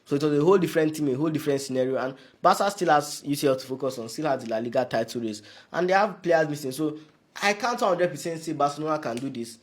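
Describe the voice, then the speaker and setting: A man hosting a sports update, calmly reasoning through a match prediction. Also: a little high. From Nigeria. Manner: calm, measured, reasoning aloud. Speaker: sports show host.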